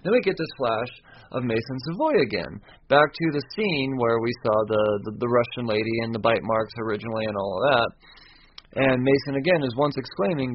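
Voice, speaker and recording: A man talks his way loosely through a story recap, cursing freely, stumbling over words and chuckling at himself. His voice sits at an ordinary middle pitch. The recording is a bit dull and lo-fi, with a faint hiss underneath. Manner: rambling, profane, laughs at himself. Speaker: comic book recapper. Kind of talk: casual spoken recap.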